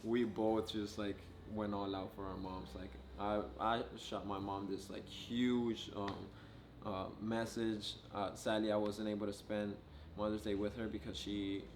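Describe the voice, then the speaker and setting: A young man, a new father, chatting casually in a vlog, relaxed and rambling with lots of filler words. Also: on the low side, unhurried, background noise. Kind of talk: casual chat.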